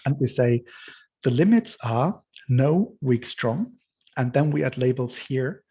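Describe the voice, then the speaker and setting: A man's voice: mid-range voice, expressive, a little slow, mellow, slightly rough, rough recording. A man leading a workshop, explaining code step by step and often checking in with "right?". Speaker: workshop instructor. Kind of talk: lecture walking through code.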